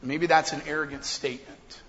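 High-voiced preacher in a reverberant church. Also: male voice, brisk, a little hiss or hum. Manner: energetic preaching that swings from quiet to loud. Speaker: pastor. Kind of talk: sermon. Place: church sanctuary. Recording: long hall reverb, dull lo-fi sound.

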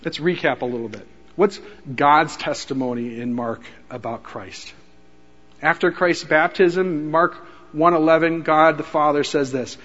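A man preaching a sermon, his voice sitting a little high as he tells the story with animated energy. He acts out the quoted lines with rising intensity. The sound is a bit dull and carries a long reverb, as in a church hall. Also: a little slow.

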